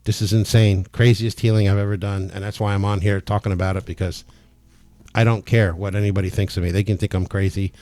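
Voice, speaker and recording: A man talking as a spiritual healer in a casual, emphatic monologue, excited and emotional enough to be near tears. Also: lowish voice, fast talker, dry recording. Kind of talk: casual testimonial monologue to camera.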